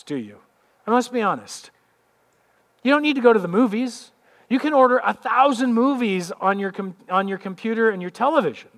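A man's voice: sits high, a bit bright. A middle-aged man preaching a sermon, conversational and full of rhetorical questions and calls of amen. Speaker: pastor.

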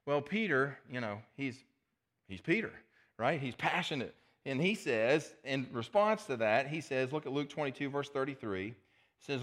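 A man preaching a sermon as pastor, animated, retelling scripture as a vivid story. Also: mid-range voice, moderate pace.

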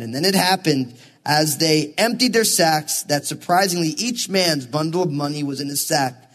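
Male pastor, high voice, sermon with scripture readings, long hall reverb. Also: lively intonation, normal speed, fairly bright tone. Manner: preaching with Bible readings, voicing characters in asides.

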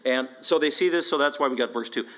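A man preaching an expository sermon as pastor, emphatic and animated, repeating phrases and asking rhetorical questions. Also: mid-range voice, fast. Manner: emphatic, animated, with frequent repetition.

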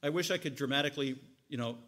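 A man preaching an expository sermon, acting out the people in the story and swinging from quiet explaining to loud, animated outbursts. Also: mid-range voice, quick pace. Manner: animated, acts out voices, rising to loud outbursts. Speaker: pastor.

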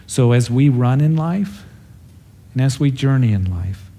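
Mellow-voiced male pastor teaching. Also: medium pitch, animated, unhurried. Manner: storytelling, acts out the characters with a raised voice; earnest and conversational. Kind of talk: verse-by-verse Bible teaching.

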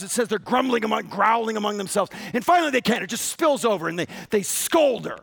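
A man preaching a sermon with passion, jumping from loud outbursts to hushed whispers. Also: sits high, expressive, quick pace, gravelly, hardly any pauses, slightly rough. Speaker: pastor.

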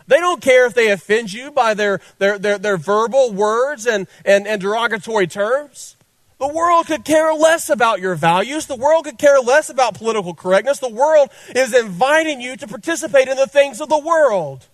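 A man's voice: extremely high pitch, expressive, normal speed, no room sound. A man preaching a sermon as pastor, fervent and repetitive, addressing listeners directly.

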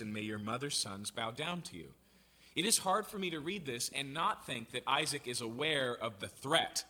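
Reading passages of scripture aloud, this preacher then unpacks them in a lively, conversational style. His voice is husky and medium in pitch, delivering an expository sermon.

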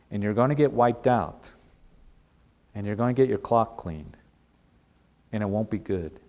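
A man's voice: mid-range voice, a little mellow. A male pastor delivering a sermon, retelling a story and driving points home with repeated, emphatic phrases.

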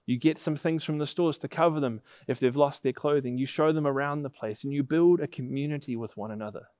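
Smooth-voiced man preaching a story sermon. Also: medium pitch, brisk, a little mellow, dry recording, clean studio sound. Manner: storytelling, vivid and building in intensity. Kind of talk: sermon with a spoken illustration.

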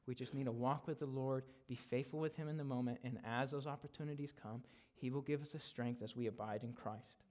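Man preaching, mid-range voice, casual and conversational, pushes louder to stress a point and softens to finish it. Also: fairly even intonation, fairly quick, few pauses. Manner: conversational, often tags lines with "right?"; grows louder and higher on emphasis, drops soft to close a point. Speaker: guest preacher. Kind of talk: expository sermon.

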